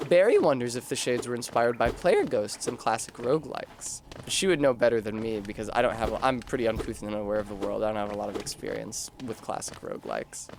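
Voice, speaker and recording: A man's voice: mid-range voice, fairly quick, gravelly, hardly any pauses, noisy background. A man streaming a game, chatting casually in a rambling, self-deprecating way to his viewers. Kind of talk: casual gameplay chat.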